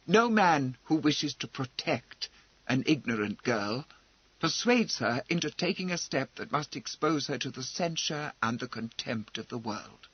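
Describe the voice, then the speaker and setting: A man voicing a calm, deliberate gentleman who speaks sternly and measuredly, in an audiobook. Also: medium pitch, breathy edge, no room sound, muffled recording.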